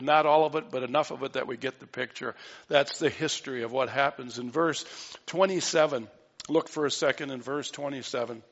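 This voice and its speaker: A man's voice: medium pitch, gravelly. A man preaching a sermon, retelling a Bible story and acting out the voices in it. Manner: storytelling, acts out quoted voices with dropping softness. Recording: dull lo-fi sound with long hall reverb.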